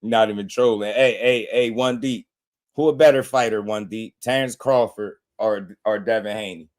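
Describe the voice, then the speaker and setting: Hosting a boxing livestream, a man with a lowish, slightly mellow voice speaks at a moderate pace. He mocks the people in his chat, repeats their names while taunting them, and laughs a lot.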